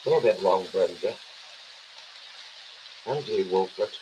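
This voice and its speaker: A man's voice: low voice, unhurried, background noise. A man, chatting playfully while cooking in a home kitchen on a live stream. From England. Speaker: cooking show co-host.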